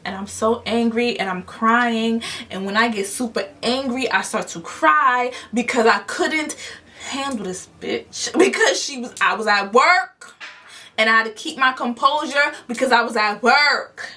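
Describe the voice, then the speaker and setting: Woman, high bright voice, blunt and profane, storytime vlog, mic a little far off. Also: a little slow. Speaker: vlogger telling a story. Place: parked car.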